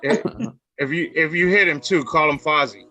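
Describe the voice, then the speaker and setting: A man's voice: fairly high pitch, normal speed, muffled recording, faint music behind. A man joking and ribbing friends in casual banter over a video call. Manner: animated, joking.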